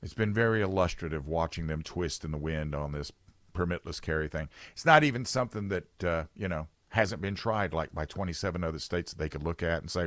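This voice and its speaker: A man's voice: low-pitched, lively intonation, quick pace, a bit bright, no room sound. A man hosting a talk radio show, rambling and sarcastic in an opinionated chat from a studio.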